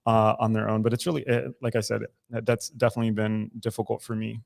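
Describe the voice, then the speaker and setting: A man's voice: on the low side, monotone, fast, gravelly. A man in his thirties co-hosting a recovery podcast, speaking candidly and emotionally with frequent restarts. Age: 30s. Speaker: podcast co-host. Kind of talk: casual recovery podcast talk. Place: recovery club room.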